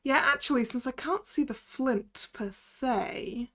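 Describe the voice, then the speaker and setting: A woman's voice: sits high, slow pace, fairly bright tone. A woman streamer reading and commenting through a video game playthrough, musing aloud and correcting herself as she goes. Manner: musing, self-correcting, chatty. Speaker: let's play streamer.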